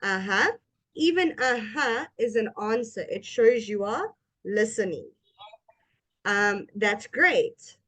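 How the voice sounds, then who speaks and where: A fairly high, slightly bright female voice guides one learner through English. Her pace is slow and her manner patient as she models intonation.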